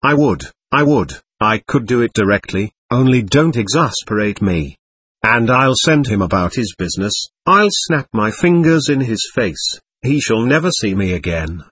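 A man's voice: lowish voice, big pitch swings, normal speed, a bit bright, breathy edge, no room sound, full character voice. A man reading the lines of a passionate, volatile young woman, proud and wounded, whose tone swings between tenderness and scorn. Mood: defiant.

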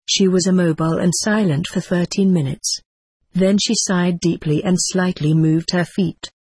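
A narrator reading a first-person memoir aloud in a steady, unhurried audiobook style. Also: medium pitch, breathy edge, dry recording.

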